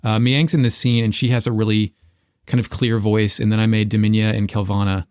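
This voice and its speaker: A male podcast co-host in casual chat, relaxed and rambling, swearing now and then. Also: fairly low pitch, fairly quick, clear, resonant tone, no room sound, studio quality.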